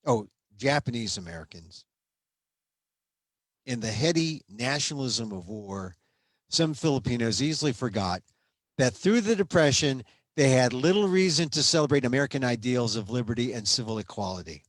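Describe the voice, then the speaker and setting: A man reading aloud from a history book, measured and steady, stopping now and then for casual asides and small restarts. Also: mid-range voice, no room sound.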